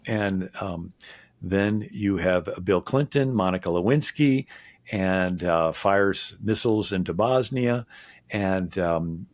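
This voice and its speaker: A historian guest talking in an interview, rambling with many fillers and restarts. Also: male voice, low-pitched, takes it slowly. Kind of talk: conversational interview.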